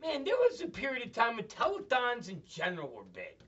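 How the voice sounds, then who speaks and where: A man's voice: very high voice, huge pitch swings, a little fast, a bit bright, husky. A man hosting a show, telling crude, profane, rambling comedic stories. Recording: dull, slightly distant mic.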